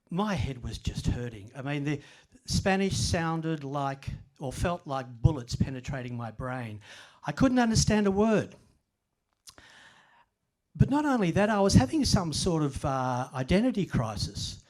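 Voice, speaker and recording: An older man speaks at a library event, spinning humorous stories at his own expense. His voice sits slightly higher than most men's. He keeps an easy storytelling tone. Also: darkish tone. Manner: self-deprecating humorous storyteller. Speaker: author giving a talk. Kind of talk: storytelling presentation.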